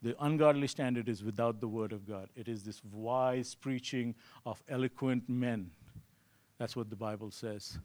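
A man's voice: medium pitch, moderate pace, a little mellow. A man preaching a sermon in a conversational way, often asking "you see" and acting out his own thoughts. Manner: acts out his own inner voice in quotes.

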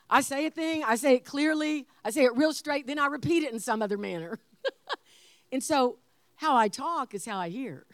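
A woman in her sixties preaching a sermon, telling stories with animated emphasis and laughter. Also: high voice, moderate pace, pauses often, no echo, studio quality. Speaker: pastor.

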